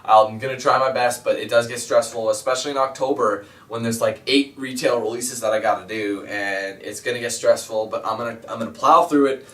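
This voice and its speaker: A man talks frankly to his viewers in a loose, rambling way, full of fillers and restarts. His voice sits at an ordinary middle pitch. He sounds a step back from the mic, and the room around him rings. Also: steady tone, brisk, a bit bright. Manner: rambling, candid and apologetic, with many fillers. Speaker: YouTube let's player. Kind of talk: casual vlog monologue. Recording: roomy echo, mic at a distance.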